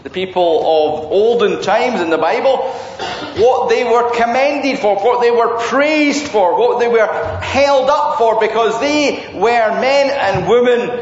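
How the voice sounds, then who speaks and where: A male preacher tells a sermon story in a very high voice, animated and questioning his listeners. He talks slowly and deliberately. The sound has a long hall reverb, a slightly muffled tone, and a congregation with clear room noise behind him. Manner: animated, audience-engaging, rhetorical questions. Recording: dull echoey church hall with congregation.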